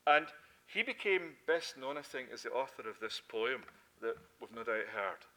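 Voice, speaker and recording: Scottish preacher guy, middle-aged, bright forceful voice, earnest and emphatic. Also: animated, moderate pace. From Scotland. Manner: earnest, rising to emphatic peaks then dropping low. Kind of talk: sermon.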